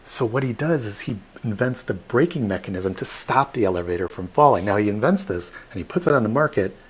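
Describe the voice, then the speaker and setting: Husky-voiced man guiding a tour. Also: on the low side, fairly quick. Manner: animated storyteller, playful asides to the audience. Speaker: tour guide. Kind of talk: live virtual walking-tour talk. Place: at home, streamed online.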